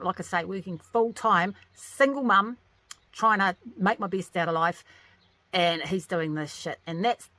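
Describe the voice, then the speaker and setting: A woman vlogger, a single working mother, telling a story to camera in a casual, exasperated, animated way. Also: on the low side, dry recording. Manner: animated, venting, exasperated retelling.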